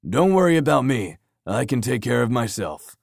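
A man voicing a commanding male helicopter pilot, yelling orders over the noise in an audiobook. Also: medium pitch, sing-song, moderate pace, vocal fry, dry recording, clean studio sound, pitched above the performer's own voice. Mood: defiant.

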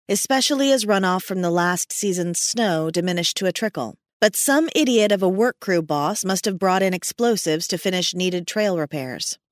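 A woman's voice: mid-range voice, no room sound. Woman reading an audiobook, dry sound. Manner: steady, measured storytelling. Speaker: narrator. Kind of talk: audiobook narration.

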